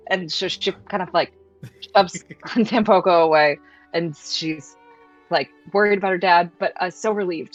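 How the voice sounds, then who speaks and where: Woman player chatting through her moves, lowish voice, muffled mic. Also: a little slow, faint music behind. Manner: casual, hesitant. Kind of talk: tabletop role-play.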